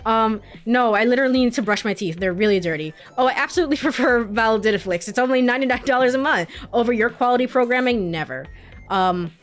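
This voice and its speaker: A woman's voice: fairly high pitch, expressive, quick pace, few pauses, soft background music. A young woman streamer casually commenting on a video game, chatty and giggling, with lots of fillers. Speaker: let's play streamer.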